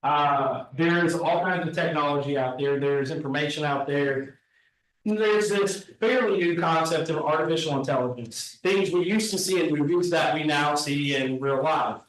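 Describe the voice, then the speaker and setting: A man's voice: on the high side, moderate pace. A man with a weakened voice leading a team meeting, talking casually and asking the room questions. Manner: relaxed, conversational, asks the room questions. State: weak voice. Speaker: team leader presenting at an office meeting. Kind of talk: meeting presentation. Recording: very echoey room, distant mic.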